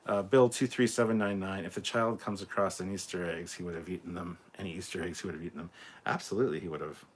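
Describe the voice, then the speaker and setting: A Scottish man with a notably deep, low-pitched voice hosts a relaxed live stream. He reads viewer comments aloud and answers them in a loose, chatty way, swearing freely as he goes. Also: fast, slightly rough. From Scotland.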